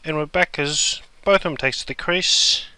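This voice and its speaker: A man playing a pompous male TV cricket commentator in a comedy sketch, with measured broadcast delivery. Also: fairly high pitch, pushed and bright, clear, resonant tone, no echo. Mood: wry.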